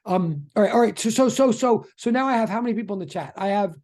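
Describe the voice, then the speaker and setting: A physics teacher giving a live online lecture, chatty and excitable, often repeating questions to students in the chat. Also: mid-range voice, fast talker.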